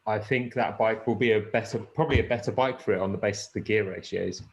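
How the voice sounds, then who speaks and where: A man's voice: on the low side, fast. A man hosting a casual podcast chat, rambling with fillers and swearing. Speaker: podcast host. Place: lives in the Peak District.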